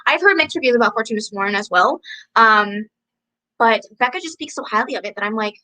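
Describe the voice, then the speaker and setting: A woman's voice: a little high, quick pace, pushed and bright, poor audio. A young woman hosting a casual book chat stream from home, chatty and bubbly, often saying "like" and laughing as she reads out viewer comments. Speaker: book vlogger hosting a livestream.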